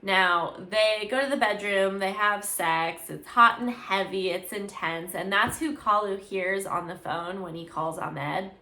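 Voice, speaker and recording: A woman's voice: mid-range voice, measured pace, hardly any pauses, sharp tone. A woman in a casual, chatty book recap, filling her talk with "like". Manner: chatty, many "like"s. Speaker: book reviewer. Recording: echoey room.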